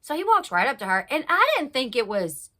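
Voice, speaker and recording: A young woman hosting a casual reality TV recap, chatty and animated, acting out quotes with big jumps in her voice. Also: sits high, fairly quick. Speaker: YouTube recap host.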